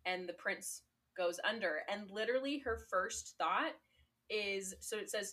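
A woman's voice: mid-range voice, measured pace, bright, forceful tone. A young woman co-hosting a podcast, casually retelling a story with lots of "like" and fillers and frequent laughter. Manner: laughs often. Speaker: podcast co-host. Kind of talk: casual chat.

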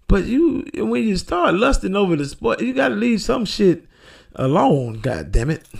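A man's voice: high voice, very animated, a little slow, creaky. A man hosting a podcast, rambling through a casual monologue with lots of profanity. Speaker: podcast host.

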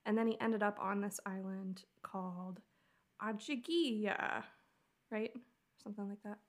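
A woman's voice: mid-range voice, level tone, darkish tone. A young woman co-hosting a casual podcast, retelling a myth with lots of giggles and ums. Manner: giggly, halting with many ums. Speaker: podcast co-host.

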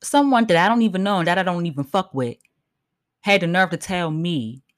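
A woman's voice: on the low side, lively intonation, brisk. A woman hosting her own podcast, ranting in a heated, emphatic and profane way. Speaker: podcast host. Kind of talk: solo podcast rant.

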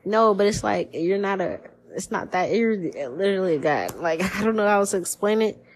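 A woman giving a casual spiritual reading on a podcast, talking in slangy, profane, animated bursts. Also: mid-range voice, normal speed, slight background noise, low-quality recording. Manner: profane, slangy, animated storytelling with put-on quoted voices. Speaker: tarot reader.

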